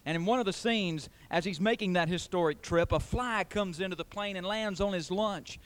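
A man preaching a sermon with a fairly high voice. He presses his points hard, stacking repeated phrases as he builds. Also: normal speed. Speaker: pastor.

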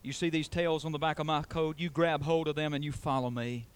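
A gentle, fatherly old-time preacher, as a man telling the story puts him on, speaking softly to a child in a sermon illustration. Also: a little high, fairly even intonation, a little fast, clean tone, natural voice. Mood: kindly.

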